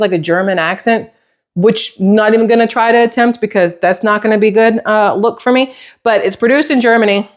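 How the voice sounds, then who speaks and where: Rambling, chatty middle-aged woman vlogger. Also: medium pitch. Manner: rambling, tangential, casual swearing. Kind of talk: casual chatty vlog. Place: home kitchen.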